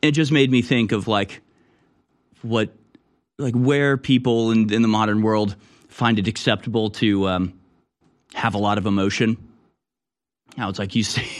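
A man's voice: mid-range voice, normal speed. A man hosting a talk show, talking casually and sarcastically, building to heated rants. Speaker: show host.

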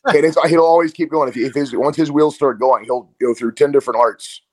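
A man's voice: medium pitch, brisk. A man, a martial arts coach, talking casually as an interview guest and telling stories with quoted voices. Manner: storytelling, animated with quoted voices.

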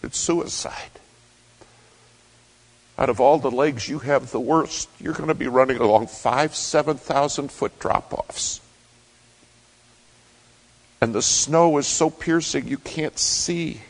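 A worn-out veteran sled-dog musher who begs and pleads with rising urgency, as a preacher acts him out. His voice pushes noticeably higher than the preacher's own low tone, drawn out and heavy with worry. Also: measured pace. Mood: pleading. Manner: urgent, begging.

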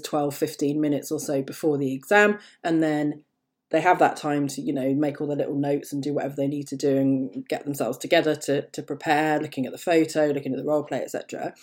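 A woman talks through her solo podcast in a low, mellow voice. She rambles loosely and wanders into asides as she goes. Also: steady tone, a little fast. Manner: chatty, rambling, full of asides and fillers. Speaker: podcast host. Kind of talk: casual solo podcast talk.

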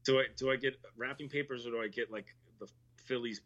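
A man's voice: mid-range voice, steady tone, fast talker, fairly bright tone. A man calling in to a talk show, laid-back and swearing casually. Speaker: caller. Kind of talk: casual chat. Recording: dull lo-fi phone call.

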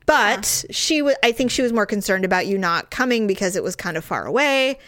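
A middle-aged woman co-hosting a casual chat, talking in an animated way and swearing freely. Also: a little fast, dry recording. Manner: animated, swears freely, swings up high when riled. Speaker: podcast co-host.

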